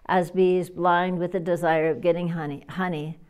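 A woman's voice: fairly low pitch, flat delivery, darkish tone, clear, resonant tone, lightly acted. A woman reading as a stern old sage. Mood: preaching. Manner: solemn, measured reading. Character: stern old male sage laying a curse. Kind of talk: scripture reading.

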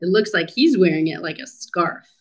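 In a children's read-aloud lesson, a woman who works as a speech therapist takes a picture book slowly and encourages the kids with questions. She speaks on the low side, with lively intonation and a breathy edge.

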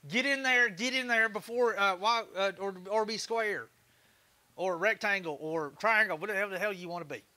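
A Texan man hosts his woodworking livestream in a loose, laid-back chat, laughing easily and tossing in casual swears. His voice sits high for a man and rings bright and forward. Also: normal speed. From Texas. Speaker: livestream host, woodturner.

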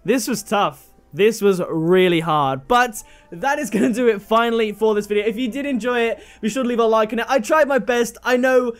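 A man hosting a gaming video, talking in an energetic, upbeat way. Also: sits high, moderate pace, soft background music. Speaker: gaming YouTuber host.

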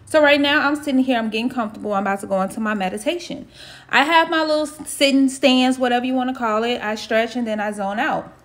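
A woman's voice: on the high side, fast. A woman vlogging in a casual, candid way, full of slang and swearing, talking straight to her viewers. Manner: addresses viewers directly. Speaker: lifestyle vlogger. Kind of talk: casual vlog chat and voiceover.

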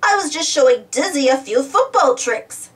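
A woman's voice: sits high, animated, moderate pace, a bit bright, pitched above the performer's own voice. A woman voicing a naughty, giggling male scarecrow in a storybook reading, cheeky and mischievous.

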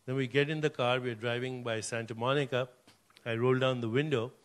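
A man's voice: mid-range voice, steady tone, fairly quick. An older man, telling an anecdote as a speaker at a conference and acting out the dialogue. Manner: anecdotal, acts out dialogue in the story. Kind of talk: storytelling talk on stage.

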